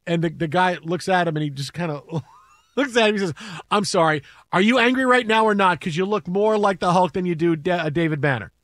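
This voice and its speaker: A man hosting a sports talk show, telling stories casually and arguing his points with energy and quick restarts. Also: on the high side, no echo, studio quality. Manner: animated, quick restarts, acts out quotes.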